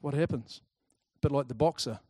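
A man giving a talk to a live audience, lively and chatty, telling personal stories and acting out the people in them. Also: mid-range voice, fairly quick, husky, no room sound, studio quality. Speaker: speaker presenting to a group.

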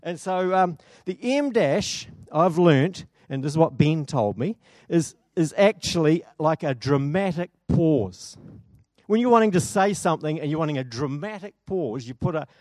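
A man's voice: fairly high pitch, animated, normal speed, darkish tone, no echo, clean studio sound. A man preaching a sermon in a church, chatty and enthusiastic, often asking the congregation questions.

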